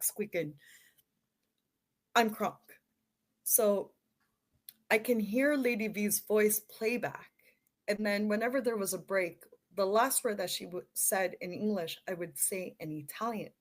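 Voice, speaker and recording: Speaking at a moderate pace with medium pitch, a middle-aged Canadian woman who works as a model shares stories on a podcast. The conversation is casual, and she is chatty, self-deprecating, and laughs readily.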